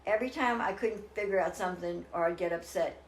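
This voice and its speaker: An older woman, an interview guest, tells a personal story earnestly and ramblingly, restarting often. Her voice is on the low side and quick, and the recording has roomy echo and slight background noise.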